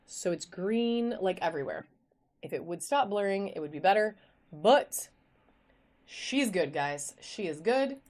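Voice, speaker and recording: A woman hosts a live-stream auction on her phone camera, bubbly and chatty, naming viewers as she holds up items. Her voice is medium in pitch and darkish, with lively intonation and a slightly slow pace.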